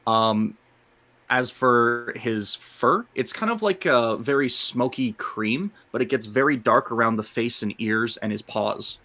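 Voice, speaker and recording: A man playing a tabletop game, describing his character in a halting way full of fillers. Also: medium pitch, bright, forceful tone. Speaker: player.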